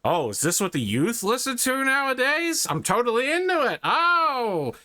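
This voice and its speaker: A man's voice: very high-pitched, huge pitch swings, normal speed, pushed and bright, pitched above the performer's own voice, full character voice. A man voicing a delighted elderly party guest with a put-on transatlantic accent and a gushing, old-fashioned manner.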